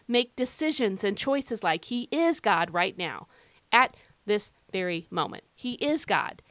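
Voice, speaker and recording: A woman's voice: fairly high pitch, fairly bright tone, no echo. A woman hosting a devotional Bible podcast, speaking emphatically and repeating key phrases as she talks straight to the listener. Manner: conversational, addresses listener directly. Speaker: podcast host.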